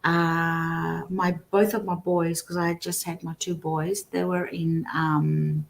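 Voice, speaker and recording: A middle-aged woman recounts a story on a talk show in a lively, halting way. Her voice sits a little low for a woman. She keeps backtracking and restarting her sentences. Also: creaky. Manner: animated, lots of restarts and self-corrections. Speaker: guest psychic. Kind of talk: storytelling in a casual interview. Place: remote guest, at home.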